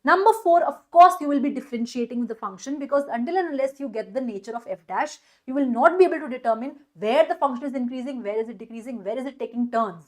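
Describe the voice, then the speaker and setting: A woman maths teacher with an Indian English accent, giving an energetic online exam-prep lecture and coaxing students with questions. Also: fairly high pitch, fast talker, hardly any pauses.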